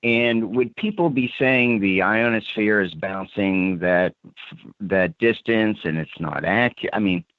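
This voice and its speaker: A man's voice: on the low side, a little slow, no room sound. A man from central Pennsylvania calling in to a show, chatting in a rambling way with lots of fillers. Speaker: caller. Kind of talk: casual phone-in chat. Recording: tinny phone line.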